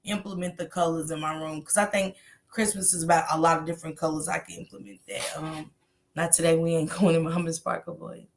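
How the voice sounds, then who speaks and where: A woman hosting a casual livestream, chatting loosely with her viewers and reading their comments out loud. She talks in a slangy, salty way, swears freely and laughs often. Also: low voice, fairly even intonation, brisk, gravelly. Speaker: livestream host.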